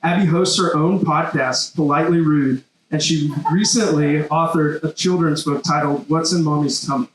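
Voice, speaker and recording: A man's voice: on the high side, fairly even intonation, normal speed, few pauses. A man acting as event emcee, reading a speaker introduction in an upbeat, scripted delivery. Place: large hall. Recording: echoey hall sound.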